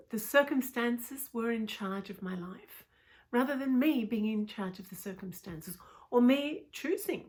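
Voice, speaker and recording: A woman in middle age tells a personal story with a coach's openness. Her voice sits in an ordinary middle range, and she often sinks into an intimate whisper. Casual "you know" asides run through her telling. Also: medium pitch.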